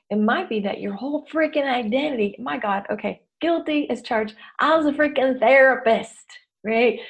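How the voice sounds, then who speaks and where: A woman hosting a self-help podcast, talking in a chatty, candid, self-mocking coaching way. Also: a little high. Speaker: podcast host. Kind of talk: casual self-help talk.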